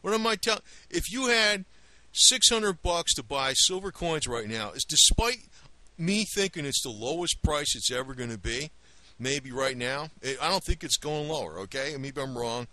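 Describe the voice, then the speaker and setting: A man's voice: fairly high pitch, expressive, normal speed, bright, forceful tone, dry recording. A man from the Northeast with a New Jersey accent, rambling to camera in a blunt, profane rant. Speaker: video blogger.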